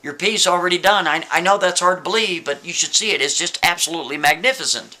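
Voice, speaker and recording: A man's voice: a little high, fast, sharp tone. A man voicing a proud, eager male painter who rambles on the phone in a told story. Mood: confident.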